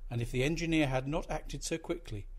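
A man narrating a short story aloud in an expressive, measured reading voice. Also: fairly high pitch, breathy edge.

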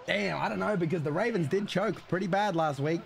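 Excitable man streaming a football game. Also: high voice, brisk, creaky. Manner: loud, excitable trash talk. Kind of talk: casual game commentary.

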